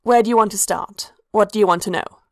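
A woman voicing a wry, sharp-tongued dark elf woman in a dry, knowing tone, a little above her narrating voice, in a storybook reading. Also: mid-range voice, a little fast, vocal fry, no echo, lightly acted.

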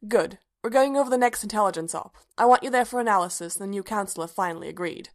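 An uneasy male officer who hesitates and apologizes, as a woman reading a story puts him on. His voice sits at a middling pitch. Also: quick pace, lightly acted. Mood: brisk. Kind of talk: fan fiction reading.

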